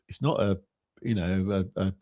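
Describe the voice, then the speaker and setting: A man with a low, deep voice talks casually on a crypto trading stream. He rambles, often stopping to restart a phrase and padding with fillers. The sound is dry and close. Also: moderate pace, no echo, lo-fi sound. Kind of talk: casual chat.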